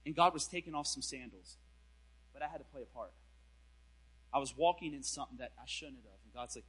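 An animated male preacher telling a story from the pulpit. His voice sits a little high and has a bright, tense edge. He talks in casual slang and swings between loud bursts and quiet asides. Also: fast, rough recording. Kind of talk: storytelling sermon.

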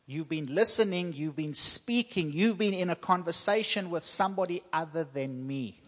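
A man preaching a sermon to his congregation, emphatic and repetitive, with slow dramatic pauses. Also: on the high side, fairly bright tone. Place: church hall. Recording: long church hall reverb.

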